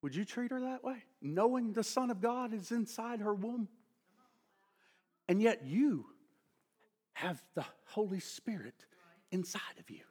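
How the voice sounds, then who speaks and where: A middle-aged male pastor preaching a sermon, swinging between loud emphatic passages and hushed near-whispers, drawing out key words for weight. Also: high-pitched, lively intonation, measured pace, pauses often, husky.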